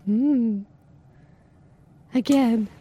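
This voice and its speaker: A woman with a high, soft, mellow voice runs a comedic prank phone call. She is bossy and teasing, with a mock-seductive purr as she gives orders. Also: drawn-out words, slight background noise. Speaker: prank caller, podcast host.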